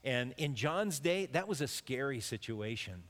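A man's voice: medium pitch, big pitch swings, a little slow, fairly bright tone, big-room sound. A man preaching a conversational sermon, now and then acting out imagined voices. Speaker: pastor.

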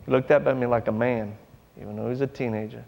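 A man's voice: mid-range voice, quick pace, vocal fry, in a large hall, highs cut off. A man preaching a sermon, telling a story in a folksy way and acting out the voices of the people in it. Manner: animated, acts out voices in his stories; folksy, drawling informal speech.

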